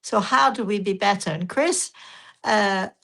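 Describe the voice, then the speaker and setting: An older woman, a spiritual medium and host, telling a story in a gentle, rambling way with frequent restarts. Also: medium pitch, unhurried, creaky. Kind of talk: casual storytelling talk.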